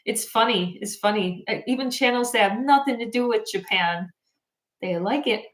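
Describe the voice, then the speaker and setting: A woman's voice: a little high, moderate pace. Tired chatty woman livestreaming in an echoey room. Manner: chatty, laughing, reading out viewer comments. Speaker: livestream host. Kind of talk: casual livestream chat. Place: home in Japan.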